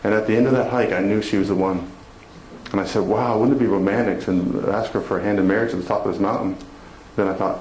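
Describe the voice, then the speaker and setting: A man with a lowish voice tells a personal story to a live audience, laughing along at his own jokes. His voice rings around an echoey hall, with noise clearly heard under it. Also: steady tone, quick pace. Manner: warm, laughing, self-deprecating storytelling. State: emotional. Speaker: motivational speaker. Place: conference hall before an audience.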